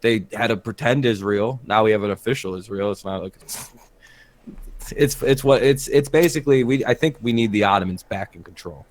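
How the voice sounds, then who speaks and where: A man in casual banter on a podcast, opinionated and rambling, with halting restarts. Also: lowish voice.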